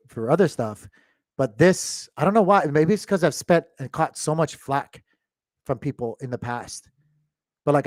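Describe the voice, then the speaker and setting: A man's voice: medium pitch, a little mellow, no echo, studio quality. A man hosting a crypto channel, talking casually to his viewers with many restarts and fillers, choked up with emotion.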